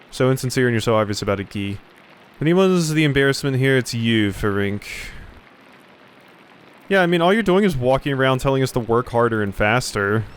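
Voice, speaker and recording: A young man playing a game, reading its dialogue aloud and adding sarcastic commentary with sudden loud outbursts. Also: mid-range voice, slight background noise. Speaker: let's play commentator.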